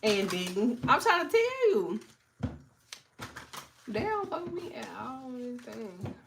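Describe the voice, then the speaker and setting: A woman's voice: fairly high pitch, very animated, slow pace, creaky, background noise. A woman in her thirties with allergies, chatting casually and animatedly as a livestream host, joking, swearing and laughing often.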